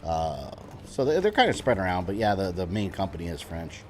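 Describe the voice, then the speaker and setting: A man's voice: low-pitched, sing-song, a little fast, a little mellow, slight background noise. A young man streaming a video game, rambling casually with chuckling asides. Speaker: gaming streamer. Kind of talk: casual gameplay commentary. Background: game music.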